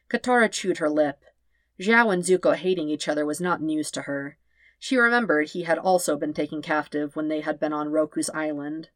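Calm woman reading a story aloud. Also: deep voice, moderate pace, dry recording, studio quality. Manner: calm, steady, even reading. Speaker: podfic reader. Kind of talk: scripted narration.

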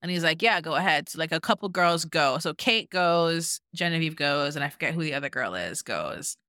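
With a deep voice and a slightly fast pace, this young podcast co-host animatedly recounts a reality-show story, acting out quotes and saying "like" a lot in casual conversation. The audio is clean studio sound without echo.

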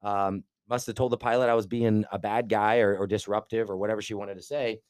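A man spinning a long, animated anecdote on a podcast, his voice sitting a little low and the words rushing out quickly. He circles back and restarts often, very much casual chat. The sound is close and dry. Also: no echo. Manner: animated, rambling storyteller with many restarts. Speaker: podcast co-host.

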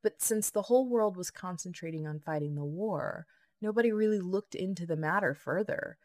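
A woman's voice: fairly low pitch, normal speed, a little mellow, lightly acted. Woman reading as a wry, hard-drinking official.

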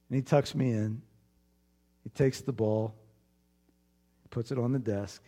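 Animated man preaching a sermon. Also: medium pitch. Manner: animated storytelling that drops to a hushed prayer. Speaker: pastor. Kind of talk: sermon with a personal story.

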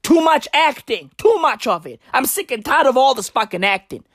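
High, exasperated ranting woman. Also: sing-song, moderate pace, dry recording, studio quality. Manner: exasperated, profane, repetitive, with sudden shouts. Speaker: ranting vlogger. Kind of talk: comic rant.

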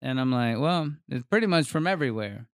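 A man's voice: mid-range voice, lively intonation, fairly quick, dry recording, studio quality. A man chatting casually and jokingly as a podcast co-host, rambling with many fillers and restarts. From Florida. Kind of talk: casual chat.

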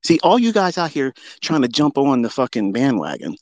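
A man ranting brashly on a trading livestream, boastful and profane, jumping from loud outbursts down to low muttering. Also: big pitch swings, brisk, hardly any pauses, dry recording.

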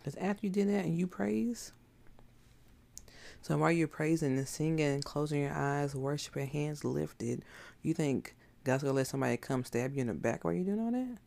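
Gravelly-voiced woman preaching bluntly. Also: low-pitched, moderate pace, darkish tone. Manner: emphatic, blunt, conversational preaching with rhetorical questions. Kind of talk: informal sermon.

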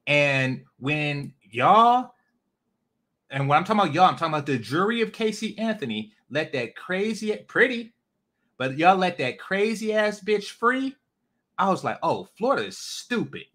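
A man's voice: high-pitched, sing-song, measured pace, a bit bright. A man from California hosting a casual livestream, ranting bluntly with lots of profanity and rambling asides. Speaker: host.

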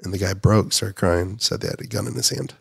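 A man with a lowish, gravelly voice talks with deep earnestness, often dropping soft and quiet. His voice sits close to the mic in a dry, dead studio. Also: fairly quick, dry recording. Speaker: guest, nonprofit founder. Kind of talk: heartfelt podcast conversation.

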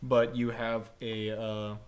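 A man hosting a casual chat, telling a story in an animated, rambling way with lots of fillers. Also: lowish voice, slow pace.

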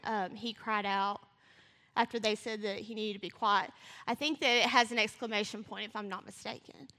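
A woman preaching a sermon. She reads scripture and talks fast, rising to passionate calls. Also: a little high, bright, forceful tone. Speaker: church speaker. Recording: long reverb of a church hall.

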